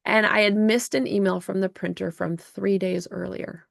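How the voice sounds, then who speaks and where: Gravelly-voiced woman telling an animated story. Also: medium pitch, moderate pace, dry recording, studio quality. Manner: animated, emotional storytelling with many restarts. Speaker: podcast host and self-published author. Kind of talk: casual storytelling chat.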